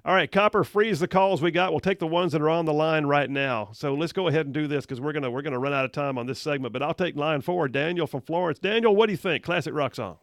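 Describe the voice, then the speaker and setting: Male talk radio host, gravelly, slightly high voice, dry close studio mic. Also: no echo. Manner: upbeat, quick banter with callers, frequent laughs.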